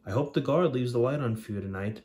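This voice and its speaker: A man's voice: medium pitch, fast, a little mellow, lightly acted. A man voicing a cheeky male engine who teases his friend in a mocking, sing-song way. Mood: teasing.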